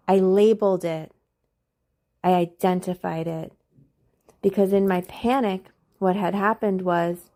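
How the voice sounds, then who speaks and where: A woman's voice: mid-range voice, fairly even intonation, a little slow, warm tone. A middle-aged woman hosting a podcast, talking earnestly and confidingly about her own life and repeating phrases for emphasis. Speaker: podcast host. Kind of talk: personal reflective monologue.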